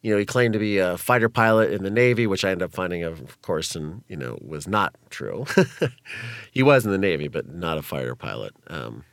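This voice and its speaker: A man's voice: low voice, expressive, normal speed, vocal fry, a bit bright, dry recording, studio quality. A man telling his life story as a guest, candid and conversational, with nervous laughs and frequent fillers.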